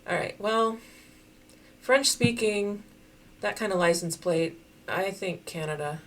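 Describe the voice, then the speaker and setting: A woman giving casual, chatty commentary while playing a geography guessing game, thinking out loud and laughing often. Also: mid-range voice, takes it slowly. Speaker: game streamer.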